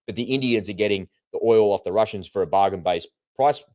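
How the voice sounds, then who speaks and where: A man's voice: lowish voice, brisk, dark tone, dry recording. A man co-hosting a live political and market talk show, laying out his points step by step with conversational asides. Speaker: co-host. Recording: remote broadcast with slight delay.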